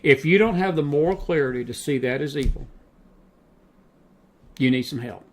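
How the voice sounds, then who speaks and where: Impassioned man hosting late-night talk. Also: fairly high pitch. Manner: impassioned, preachy, slows down to hammer points. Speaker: talk show host.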